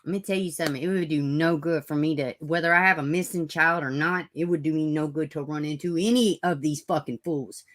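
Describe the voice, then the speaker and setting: A woman's voice: low-pitched, a little fast, few pauses. A woman hosting a true crime livestream, ranting bluntly and profanely and mocking people in sarcastic put-on voices. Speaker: true crime channel host. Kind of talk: livestream commentary.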